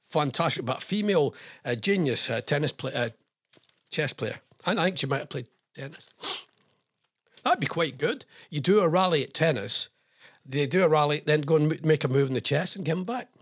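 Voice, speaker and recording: Husky radio presenter, rambling. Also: male voice, fairly high pitch, animated, moderate pace. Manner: rambling, jokey asides. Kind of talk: casual radio chat reading out news items.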